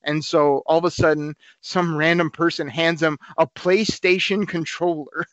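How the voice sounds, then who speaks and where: A man co-hosting a podcast, telling a story in a casual, animated way and acting out the quotes. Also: fairly high pitch, moderate pace, no room sound, lo-fi sound. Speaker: podcast co-host.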